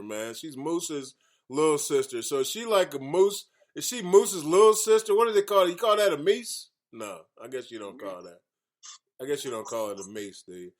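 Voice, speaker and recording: Male radio host, lively swinging pitch, a touch high, boisterous banter. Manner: boisterous, joking, repeats phrases.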